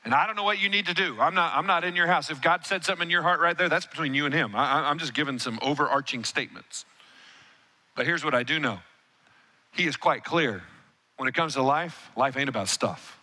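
A middle-aged man preaching in a church with a high, very bright voice. He moves from quiet asides into animated storytelling and calls on the congregation to answer him. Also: fairly quick. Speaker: pastor. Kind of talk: sermon.

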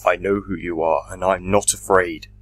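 A man's voice: low voice, brisk, fairly bright tone, soft background music. A man voicing a defiant, shaken male time traveler in a fan audio drama reading, speaking emphatically with a raised voice.

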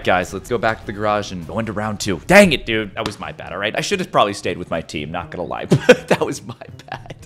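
Excitable man yelping through gameplay. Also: mid-range voice. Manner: excitable, yelps and repeats phrases. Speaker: gaming YouTuber.

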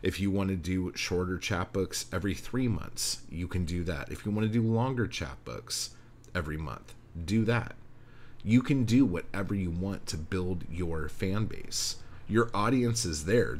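Deep-voiced, profane man on a podcast. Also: slight background noise. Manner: profane, blunt, encouraging. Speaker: podcast host. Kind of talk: casual solo podcast chat.

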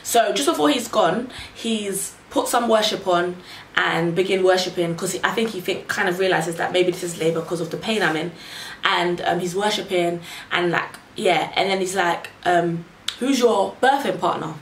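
A young woman tells a story to her viewers in a chatty, animated way, peppering it with "like" and "literally". Her voice sits in a roomy, echoey space, picked up from a little distance with a faint hiss underneath. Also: on the low side, normal speed. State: pregnant. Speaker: vlogger. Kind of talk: casual storytelling.

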